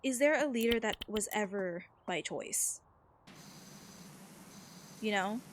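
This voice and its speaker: A woman's voice: mid-range voice, expressive, slow. Woman, streamer, casual gaming chat, rambling, lots of fillers, faint room noise. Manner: rambling, filler-heavy, reads chat aloud.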